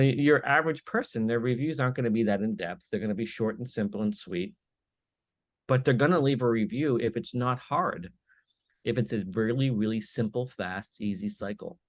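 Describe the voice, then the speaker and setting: Lively low-voiced man telling stories. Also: a little fast, dry recording. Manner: animated storyteller who acts out little dialogues. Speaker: podcast guest, business owner. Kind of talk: casual conversation.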